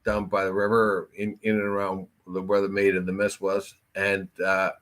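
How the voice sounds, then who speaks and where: A man co-hosting a local talk show, his voice sitting a little low. He drifts into long, rambling anecdotes and keeps the tone relaxed and chatty. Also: moderate pace. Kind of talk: casual talk-show chat.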